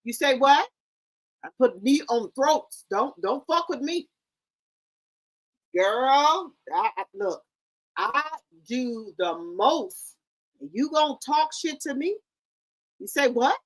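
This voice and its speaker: A woman streamer in a loud, confrontational, heavily profane livestream rant. She stammers and repeats herself and keeps firing rhetorical questions. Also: sits high, expressive, slow pace, pauses often.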